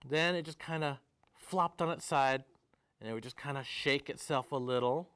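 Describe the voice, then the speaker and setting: A man telling a traditional story, speaking each phrase slowly and then translating it into English, with chant-like repetitions. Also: mid-range voice, a bit bright, clean tone. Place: community storytelling event.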